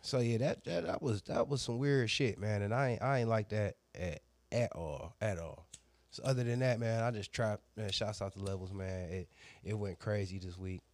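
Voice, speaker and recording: A man, a barber, casually telling a crude story with lots of slang and voiced quotes, animated and loud at times. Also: fairly low pitch, moderate pace, no room sound.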